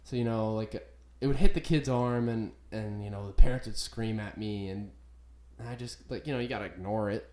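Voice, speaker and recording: A young man hosts a laid-back podcast, his voice low in brightness and warm. He rambles loosely, swears freely and leans on "like" between thoughts. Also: normal speed. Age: young adult. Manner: rambling, profane, full of "like" fillers. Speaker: podcast host. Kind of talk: casual chat.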